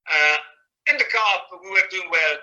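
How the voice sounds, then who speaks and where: A man with an Italian accent, a former footballer, telling stories in a casual interview, often halting and searching for English words. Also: high voice, bright, forceful tone. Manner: halting, searching for words, swears when quoting himself. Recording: lo-fi call audio.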